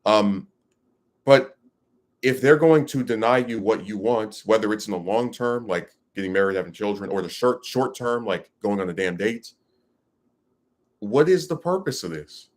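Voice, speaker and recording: A man's voice: on the low side, moderate pace. A man giving ranting commentary to his audience, emphatic and rambling, with many restarts.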